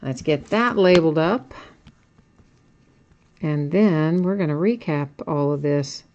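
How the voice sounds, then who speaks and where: A woman's voice: low voice, slow, a little mellow, slight background noise. A woman hosting a trading card break, talking through each step in a chatty way with dry sarcastic asides. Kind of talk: casual live commentary. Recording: dull lo-fi home recording.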